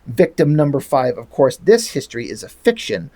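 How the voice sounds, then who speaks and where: A man putting on a low, gloating comic-book killer. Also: big pitch swings, normal speed, dark tone, no echo. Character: sinister male time-traveling killer, cold and gloating.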